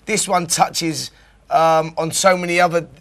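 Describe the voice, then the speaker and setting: Measured male co-host, slightly high voice. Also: level tone, a bit bright. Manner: measured, reflective opinions. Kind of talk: studio chat show talk.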